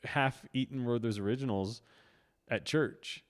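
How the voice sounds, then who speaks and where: A man's voice: medium pitch, measured pace. A man co-hosting a podcast in casual comedic chat, rambling with lots of "like" and restarts. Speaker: podcast co-host.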